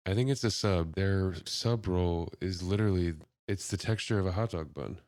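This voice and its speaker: A man co-hosting a podcast in a relaxed casual chat, laughing often. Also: deep voice, moderate pace, dry recording, studio quality. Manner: laid-back, laughs often. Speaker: podcast co-host.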